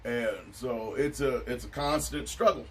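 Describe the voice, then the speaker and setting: A man's voice: medium pitch, unhurried, fairly bright tone, faint music behind. A man hosting a casual chat, musing in a laid-back way with many filler phrases. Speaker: podcast host. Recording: distant mic with faint noise.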